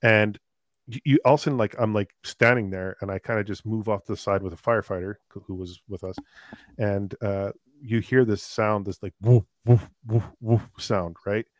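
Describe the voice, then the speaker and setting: A man, a paramedic, telling a long call story in a casual, animated way, with many fillers. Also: lowish voice, fairly quick, no room sound. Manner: animated, laughing anecdotes with filler words. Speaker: paramedic guest.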